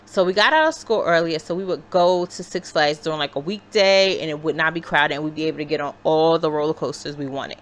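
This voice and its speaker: A woman vlogger telling a personal story in a casual, animated, chatty way. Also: sits low, a little fast, few pauses. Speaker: crochet vlogger. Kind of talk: casual storytelling while crocheting.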